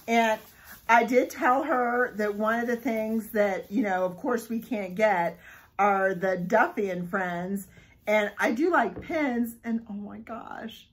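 A woman filming a casual unboxing vlog, gushing and giggling excitedly as she talks. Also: mid-range voice, slow pace, husky, rough recording. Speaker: vlogger unboxing a subscription box.

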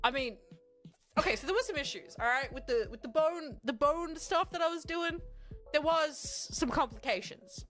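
Australian woman streamer, high, bright voice, swings all over, rambling and sweary. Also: normal speed, faint music behind. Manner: rambling, excitable, swears often, talks to chat. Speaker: livestreamer. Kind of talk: casual livestream chat.

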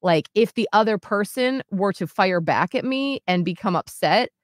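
A young woman co-hosting a radio show, talking candidly and haltingly in casual chat. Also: medium pitch, lively intonation, no echo, studio quality. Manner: candid, halting, self-reflective. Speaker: radio co-host.

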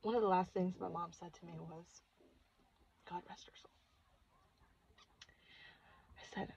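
A woman's voice: on the low side, steady tone, a little slow, vocal fry, long pauses, a little mellow, a little hiss or hum. A woman in her thirties telling a personal story on her vlog in an emotional, confessional way. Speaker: vlogger. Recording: dull lo-fi recording.

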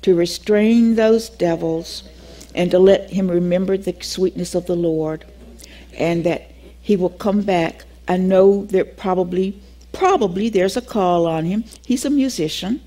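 An older woman teaching a Bible class, telling a personal story in an animated way, acting out the dialogue and laughing often. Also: on the low side, a little slow.

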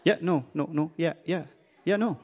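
A man's voice: a little high, moderate pace, a little mellow, husky. A man teaching a casual youth Bible lesson in a church hall, joking and quizzing the kids as he retells the story.

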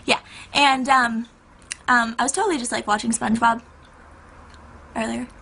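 A woman's voice: fairly high pitch, steady tone, moderate pace, creaky, pushed and bright, husky. A young woman in her twenties chatting casually to her viewers in a hyper, rambling, giggly way. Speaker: YouTuber. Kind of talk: casual vlog chat.

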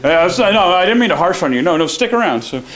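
A man's voice: high-pitched, big pitch swings, fast. A man doing a rambling, jokey live performance piece, laughing and leading the audience in chants. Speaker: performance artist. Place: small venue with live audience. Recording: live room with loud crowd.

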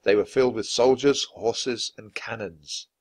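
A man reading a children's chapter book aloud clearly and expressively for language learners. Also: medium pitch, fairly even intonation, a little slow, dry recording. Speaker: storybook reader.

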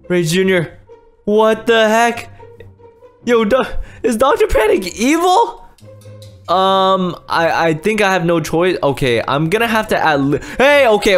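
A young man commentating a game, easily startled, swinging from hushed mutters to sudden yells. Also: sits high, very animated, unhurried, soft background music. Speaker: gaming YouTuber. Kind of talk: Minecraft gameplay commentary.

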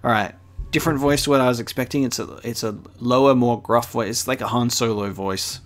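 A man's voice: medium pitch, brisk. Man chatting through a playthrough. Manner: relaxed, chatty, reads choices aloud. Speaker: gaming YouTuber. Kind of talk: casual gameplay commentary. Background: game music.

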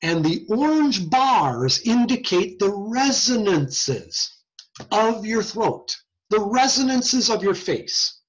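A man's voice: high-pitched, slow, dull audio. A man giving an informal, conversational lecture on hearing science, joking as he explains. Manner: lively, conversational, jokey. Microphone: screen-share recording.

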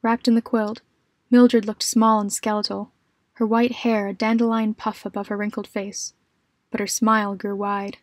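A woman's voice: mid-range voice, little pitch movement, normal speed, dry recording, clean studio sound. Woman narrating a horror story.

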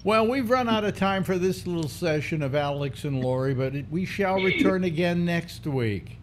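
A man's voice: high voice, lively intonation, normal speed, background noise. A man hosting a casual live talk stream, rambling with many restarts and fillers. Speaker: host. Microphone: computer mic through speakers.

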